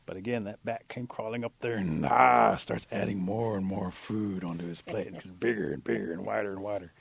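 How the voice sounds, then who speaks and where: A man telling a traditional animal folk tale aloud in a relaxed, conversational way. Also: fairly low pitch, a little fast, gravelly, breathy edge, dry recording. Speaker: storyteller.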